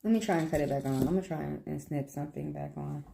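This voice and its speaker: A woman's voice: low voice, fast, creaky, warm tone. A woman with a Southern accent, chatting casually with viewers on a livestream as a tarot reader, talking freely, swearing and laughing often.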